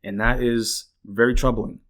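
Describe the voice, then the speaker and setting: A man at a middle pitch, talking off the cuff as a podcast host. He rambles through his points, swears freely and strings them together with constant "like"s. He turns indignant and bursts out in exclaims. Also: fairly even intonation, moderate pace, a bit bright. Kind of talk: casual political commentary.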